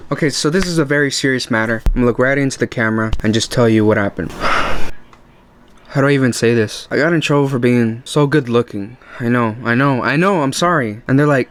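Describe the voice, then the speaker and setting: A man's voice: brisk, slight background noise. A young man telling funny school stories to the camera in a casual, self-mocking way. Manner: joking, self-mocking, with sudden high yelps. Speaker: vlogger.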